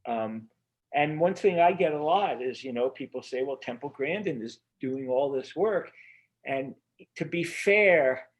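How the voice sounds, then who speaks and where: An earnest man speaking as the guest of a remote interview, his voice sitting at a middling pitch. He rambles, circles back and restarts his thoughts with plenty of fillers. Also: expressive, measured pace. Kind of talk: casual interview conversation.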